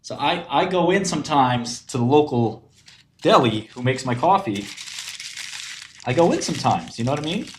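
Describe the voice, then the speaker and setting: A man's voice: a little high, expressive, moderate pace, a little hiss or hum. A man chatting casually on a livestream, profane and rambling, telling stories with mock menace. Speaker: streamer.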